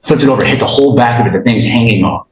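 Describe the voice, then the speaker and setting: Testifying in small claims court, a man in his thirties speaks very fast at a medium pitch, agitated and rambling as he restarts sentences and acts out what others said. The audio is poor and reverberant.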